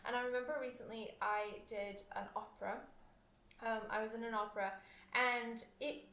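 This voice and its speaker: A woman's voice: on the high side, fairly even intonation, moderate pace, pushed and bright. Chatty woman in an echoey room. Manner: chatty, rambling, frequent fillers and restarts, laughs often. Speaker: podcast host and oboist. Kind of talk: casual solo podcast talk.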